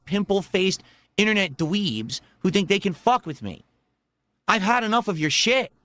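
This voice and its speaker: A man's voice: high-pitched, sharp tone, dry recording. A man ranting heatedly on a livestream, profane and threatening. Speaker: streamer. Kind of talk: angry livestream rant.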